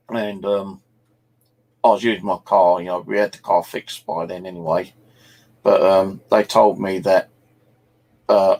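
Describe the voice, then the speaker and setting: A man's voice: low voice, gravelly, darkish tone. A middle-aged man from England, telling rambling, sweary anecdotes as host of a casual chat. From South East England. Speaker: channel host.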